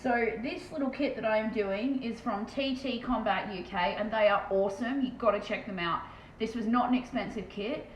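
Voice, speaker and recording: A woman's voice: fairly high pitch, normal speed. An Australian woman in her thirties from Western Australia, chatting casually on a live stream while painting, blunt and self-mocking with plenty of swearing. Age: 30s. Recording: roomy, dull lo-fi sound with faint background noise.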